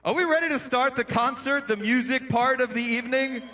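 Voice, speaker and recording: A comedian and emcee performs a stand-up set on a large indoor arena stage, his high, bright voice carrying a sharp edge. Speaking briskly into a handheld mic, he delivers jokes with punchy rhythm and plays with the crowd between bits.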